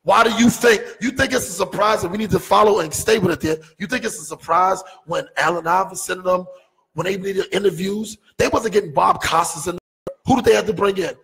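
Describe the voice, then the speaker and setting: A man's voice: high voice, fairly quick, vocal fry, a bit bright, breathy edge, long reverb tail, low-quality recording. A man in casual sports talk, arguing his point with emphatic rhetorical questions.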